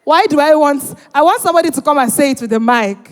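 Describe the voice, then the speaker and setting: A woman's voice: high voice, fast talker. A woman hosting a live event, bantering with and teasing the audience and urging them to join in. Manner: animated, teasing, urging the crowd. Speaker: event host. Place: large event hall. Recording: reverberant hall.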